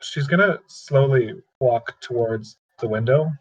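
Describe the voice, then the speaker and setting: A man's voice: medium pitch, measured pace, husky, no room sound, dull audio. A man playing a tabletop game, animatedly describing what his character does. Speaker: player. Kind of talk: casual tabletop role-play.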